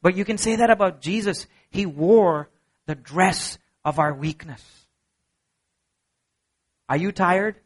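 Earnest high-voiced male preacher. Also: slow pace, long pauses, slightly rough. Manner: earnest, rising to emphatic peaks and dropping to soft low passages. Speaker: pastor. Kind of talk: sermon.

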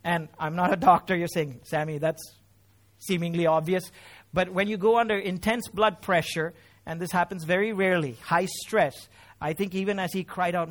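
A man with a notably high voice preaches a sermon in church. He talks with feeling, rising loud on key phrases and sinking low and soft between them. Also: fairly even intonation, normal speed. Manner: emotional, swells louder on key phrases then drops low. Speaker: pastor.

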